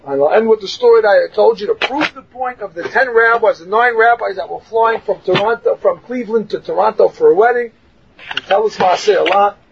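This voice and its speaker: A man teaching a Torah class, telling stories and acting out the quotes with animated laughter. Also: high-pitched, a little fast, gravelly, muffled recording, background noise.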